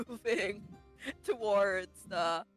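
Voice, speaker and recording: A woman's voice: mid-range voice, very slow, faint music behind. A woman playing a tabletop role-playing game, giggly and stammering as she describes her actions. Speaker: player. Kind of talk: casual tabletop play.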